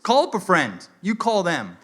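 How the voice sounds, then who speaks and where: A man doing a stand-up comedy set, telling stories in an animated way and acting out people in mock French. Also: high-pitched, normal speed. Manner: animated storytelling, acts out characters in mock French. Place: comedy venue with a live audience. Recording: live crowd laughter and room noise. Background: audience laughing.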